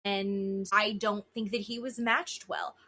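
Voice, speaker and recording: A woman's voice: medium pitch, level tone, slow, bright, forceful tone. A woman co-hosting a podcast, giving emphatic opinions in casual chat. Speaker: podcast co-host.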